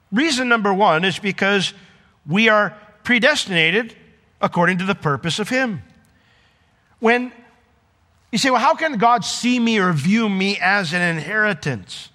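A man preaching a sermon in a conversational, animated way, with asides to the congregation. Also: high-pitched, a little slow, in a large hall. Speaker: pastor.

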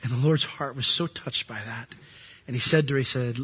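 A man preaching a sermon as pastor, animated and acting out the voices he quotes. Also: mid-range voice, brisk, slightly rough, lo-fi sound.

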